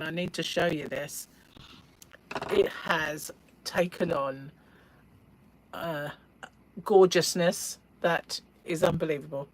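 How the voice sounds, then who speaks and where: Middle-aged English woman, live-stream host, rambling chatty delivery with frequent laughs, lower voice. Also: rough recording. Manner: gushing over yarn colours. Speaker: yarn shop owner and livestream host. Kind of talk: casual chat while crocheting.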